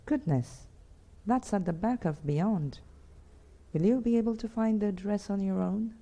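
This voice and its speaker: A woman's voice: mid-range voice, a little slow, mellow, pitched above the performer's own voice. A woman voicing a young male assistant in an audiobook, exclaiming in surprise. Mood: surprised.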